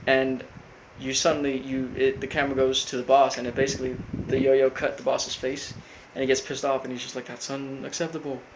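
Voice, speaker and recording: A man casually recapping a cartoon episode, rambling with lots of fillers and flat quoted lines. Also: medium pitch, a little fast, few pauses, a little hiss or hum, low-quality recording. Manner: rambling, full of fillers, quotes characters flatly. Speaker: recap host.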